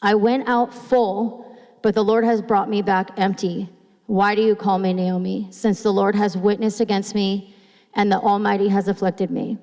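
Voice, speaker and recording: A woman pastor giving a sermon in a church, reading scripture slowly and retelling it, sounding nervous and restarting phrases. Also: mid-range voice, level tone, a little mellow. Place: church sanctuary. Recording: long hall reverb.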